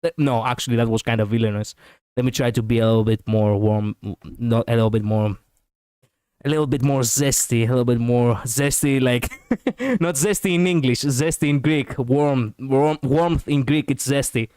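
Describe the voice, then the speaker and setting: This is a chatty streamer with a smooth, clean voice who laughs often as he reacts. The sound is dry and close to the mic. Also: medium pitch, moderate pace, warm tone, no echo. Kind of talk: casual reaction commentary.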